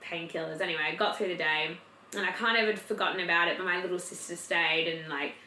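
A woman's voice: fairly low pitch, steady tone, fast talker, pushed and bright, slight background noise. A young woman, casually telling a story as a podcast co-host, full of fillers and swearing. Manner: chatty, filler-heavy, swears freely. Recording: roomy echo.

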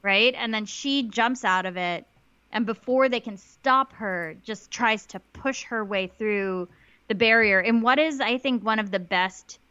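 A woman's voice: on the high side, a little slow, pushed and bright, clean tone, no room sound, muffled recording. A woman co-hosting a podcast, recapping a TV episode in casual chat with lots of "like" fillers. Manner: chatty, many "like" fillers, quotes lines in little voices. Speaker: podcast co-host.

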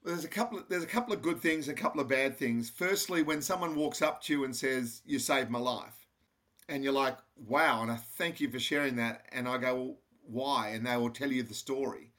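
A man's voice: mid-range voice, a little fast, few pauses, fairly bright tone. An Australian man, a podcast guest, speaking earnestly and steadily about his foundation in an interview. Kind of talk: interview conversation.

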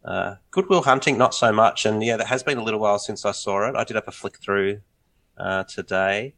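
A man's voice: fairly low pitch, fairly quick, vocal fry, a bit bright, poor audio. A man, co-hosting a podcast in casual chat, upbeat and teasing. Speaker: podcast co-host.

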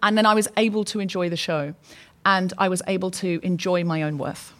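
A woman co-hosting a live comedy podcast, telling a self-mocking story in an animated way. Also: lowish voice, fairly quick, slight background noise. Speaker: co-host.

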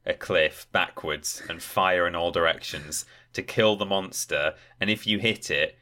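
A man's voice: low-pitched, a little slow. A man co-hosting a podcast, telling anecdotes in casual chat. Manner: animated anecdote teller. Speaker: podcast co-host.

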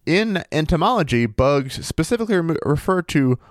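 A man joins a casual podcast chat, speaking loosely and hesitantly with plenty of filler words. His voice sits at an ordinary pitch and is recorded dry and close. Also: big pitch swings, moderate pace, no echo. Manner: chatty, hesitant, full of fillers. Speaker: podcast co-host.

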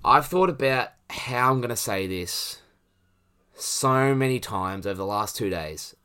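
A man's voice: mid-range voice, animated, measured pace, sharp tone, smooth. A man co-hosting a casual podcast, telling a story and getting worked up as he rants. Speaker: podcast co-host.

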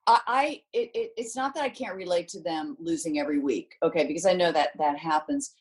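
A woman's voice: lowish voice, a little fast, low-quality recording. A woman in her sixties, a former athlete and sports commentator, telling stories in a casual interview and acting out quotes. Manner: animated storytelling, acts out quotes in other voices. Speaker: guest, former tennis champion and commentator.

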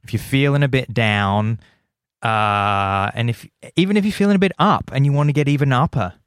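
A podcast host with a mid-range, clear and resonant voice chats casually at normal speed, enthusiastic and playful, often repeating lines and listing things for effect. The sound is studio quality with no echo.

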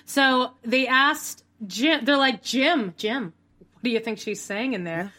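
A woman co-hosting a casual TV recap podcast, animated and acting out quotes with frequent swearing. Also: fairly high pitch, slow pace. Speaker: podcast co-host.

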